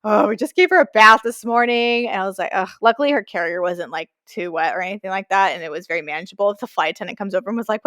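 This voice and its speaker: A woman co-hosting a podcast, telling an animated story in casual chat, with lots of fillers. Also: mid-range voice, racing, hardly any pauses, dry recording, studio quality. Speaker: podcast co-host.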